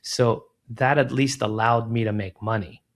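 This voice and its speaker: A middle-aged man who founded a recruiting firm chats casually as an interview guest, speaking a little slowly in a mid-range voice. He's an animated storyteller who acts out quoted dialogue and keeps saying "man" and "like."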